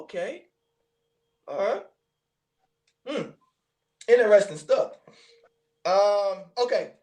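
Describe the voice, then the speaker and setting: A man with a high, lively voice hosting a casual sports chat. He talks in loose slang and breaks into laughter often, swinging widely up and down as he rants. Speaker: host.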